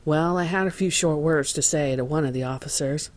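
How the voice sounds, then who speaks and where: A man's voice: a little high, fairly quick, close to an everyday voice. A man voicing a male contractor who testifies as a witness in a dramatized reading of court testimony, telling the story in a plain, worried way.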